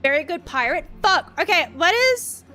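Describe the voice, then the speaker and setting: A woman's voice: very high voice, very animated, normal speed, bright, forceful tone, soft background music. A woman streamer reading horror stories aloud in a casual way, giggling, swearing and chatting with viewers between lines. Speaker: vtuber streamer.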